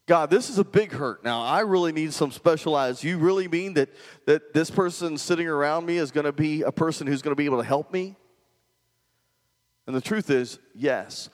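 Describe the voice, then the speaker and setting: Male pastor, conversational sermon, slightly high voice, long hall reverb. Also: moderate pace. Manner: conversational preaching, asks the congregation questions.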